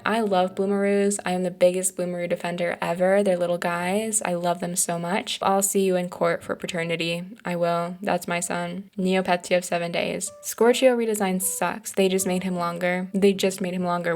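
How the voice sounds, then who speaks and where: A woman's voice: lowish voice, gravelly, darkish tone. A young woman vlogger doing a comedic rant as she ranks cartoon pet designs, dramatic and profane, swinging between gushing and disgust.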